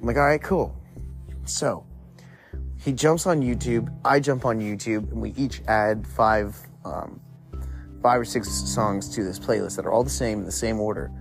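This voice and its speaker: A man's voice: fairly low pitch, normal speed, vocal fry, faint music behind. A young man telling a story in a loose, rambling way, swearing constantly and filling with "like". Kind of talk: casual profane storytelling.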